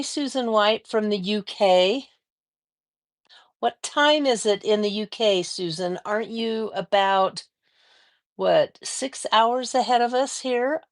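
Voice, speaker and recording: A woman's voice: medium pitch, slow. A woman hosting a casual quilting livestream from her home studio, chatting and greeting viewers by name. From American Mountain West. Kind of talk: casual live-stream chat greeting viewers.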